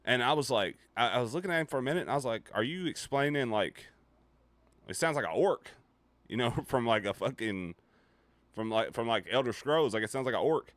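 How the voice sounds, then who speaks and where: A young man streaming live, telling a story casually and profanely, dropping his voice low and quiet for suspense. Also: lively intonation, fairly quick, no room sound. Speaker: livestreamer.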